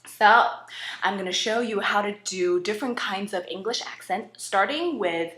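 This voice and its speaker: Playful bright-voiced young woman. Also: mid-range voice, moderate pace. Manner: playful, chatty, animated. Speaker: host audition contestant. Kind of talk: comedic audition demo. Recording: roomy echo.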